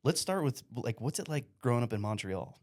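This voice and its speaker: A man's voice: mid-range voice, very animated, fairly quick. A man hosting a podcast, easygoing, laughing along with his guest and asking open questions. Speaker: podcast host. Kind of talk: casual interview chat.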